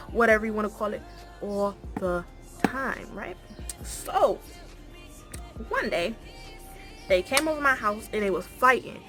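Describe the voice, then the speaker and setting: A young woman, telling a story casually and acting out the dialogue. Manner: animated, acts out dialogue with rising pitch.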